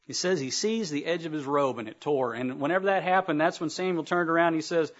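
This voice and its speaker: A man's voice: fairly high pitch, quick pace, lo-fi sound. A man preaching a sermon, reading Bible verses aloud and breaking off to talk directly to his listeners. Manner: reads verses aloud with emphatic asides to the congregation.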